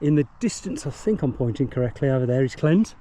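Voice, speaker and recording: A man's voice: medium pitch, lively intonation, quick pace, mellow. A man giving chatty, meandering commentary outdoors while out riding and reviewing a mountain bike. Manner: chatty, meandering, self-deprecating. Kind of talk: rambling ride commentary. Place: outdoors on countryside trails.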